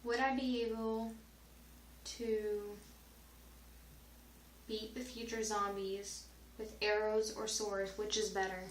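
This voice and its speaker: A woman's voice: mid-range voice, little pitch movement, slow pace, pauses often, a little hiss or hum. A woman answering viewer questions in a casual, rambling vlog, sometimes dropping to a whisper. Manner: rambling, chatty, drifts into whispers at times. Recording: roomy echo.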